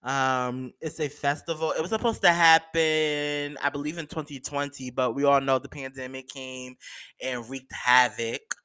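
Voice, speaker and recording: A man's voice: medium pitch, fairly even intonation, moderate pace, pushed and bright, smooth. A man hosting his own podcast, chatting casually and gossiping about celebrity news with slangy asides and lots of fillers. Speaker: podcast host. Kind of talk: casual solo podcast chat.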